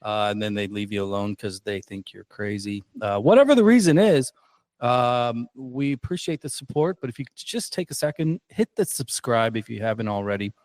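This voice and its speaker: A man's voice: mid-range voice, expressive, normal speed, a little mellow, no echo. A man hosting a casual podcast, rambling and self-deprecating, with lots of fillers and restarts. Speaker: podcast host.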